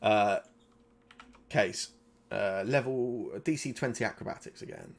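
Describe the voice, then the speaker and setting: A man's voice: lowish voice, a little slow, gravelly. A man running a live tabletop game as game master, narrating in a loose, conversational way with plenty of ums and likes.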